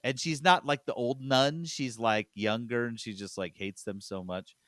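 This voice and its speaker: A man's voice: mid-range voice, normal speed, a bit bright, no room sound. Chatty man hosting, dry close sound. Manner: chatty, laughs while retelling scenes. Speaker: podcast host. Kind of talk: casual chat.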